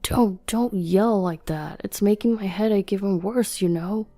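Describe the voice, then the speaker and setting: A woman's voice: medium pitch, a little slow, dark tone, no echo, faint music behind. A woman reading the lines of a selfish, bossy young husband who whines and complains in a petulant way. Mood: irritated.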